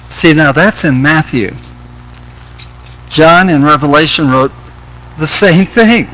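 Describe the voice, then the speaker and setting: A man's voice: on the high side, slow pace, long pauses, sharp tone, rough recording. A man leading an informal Bible study, reading scripture aloud and asking rhetorical questions in a conversational way.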